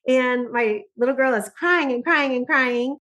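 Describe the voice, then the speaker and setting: A middle-aged woman, a podcast guest who speaks on joy and laughter, telling stories in lively conversation and often laughing. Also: high-pitched, unhurried. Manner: animated storyteller, often laughing.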